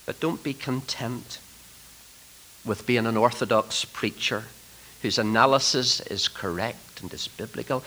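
Forceful preacher man, dramatic hushes. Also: mid-range voice, unhurried, poor audio. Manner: dramatic, swings from loud emphasis to hushed whispers. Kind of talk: sermon to ministers.

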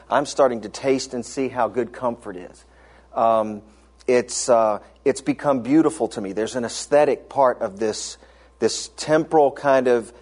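Middle-aged man, pastor, conversational sermon, personal stories, mid-pitched voice. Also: a little mellow.

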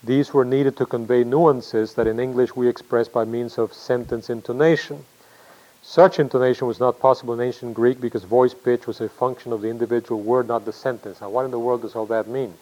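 Man lecturing, lots of pauses and fillers. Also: mid-range voice, steady tone, a little mellow, dull audio. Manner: thinking aloud with many fillers and restarts; explanatory, asks himself questions. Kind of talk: classroom lecture.

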